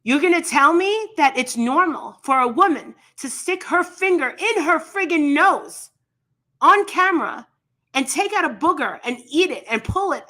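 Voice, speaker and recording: A woman hosting a casual commentary chat, talking in a blunt, animated and scornful way. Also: high-pitched, moderate pace. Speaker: commentary channel host.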